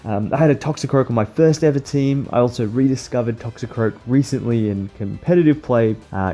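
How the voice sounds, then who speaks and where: Enthusiastic man ranting over soft music. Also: on the low side. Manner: enthusiastic, chatty, fan ranting. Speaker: YouTuber. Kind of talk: casual countdown vlog.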